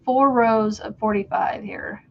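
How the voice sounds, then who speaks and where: A woman's voice: on the high side, steady tone, unhurried, a little hiss or hum. A woman hosting a crochet livestream, chatting and rambling casually as she works and laughing at her own stories. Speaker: crochet livestream host and homeschool mom. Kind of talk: casual chat while crocheting. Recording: dull lo-fi stream audio.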